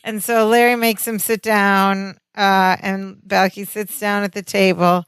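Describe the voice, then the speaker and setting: Smooth-voiced woman recapping a plot. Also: mid-range voice, measured pace, dry recording. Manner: steady storytelling, plot narration. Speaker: podcast co-host. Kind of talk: casual recap chat.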